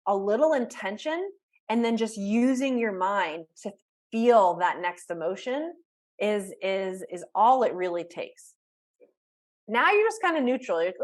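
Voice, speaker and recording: Animated woman coaching on a video call. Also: on the high side. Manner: conversational, talks through examples with self-talk, frequent restarts. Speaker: life coach. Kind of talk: live online workshop teaching.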